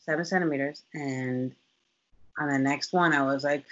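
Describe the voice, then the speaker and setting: A woman guest on a podcast, recounting a personal story in an animated way, often acting out what others said and laughing. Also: deep voice, normal speed, muffled recording. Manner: animated, acts out quoted voices, laughs often.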